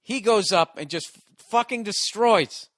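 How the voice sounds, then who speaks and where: A man in his forties, a podcast host and stand-up comedian, telling a long story in a profane, excitable, rambling way with lots of restarts. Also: high-pitched, unhurried, no echo, studio quality. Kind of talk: casual storytelling monologue.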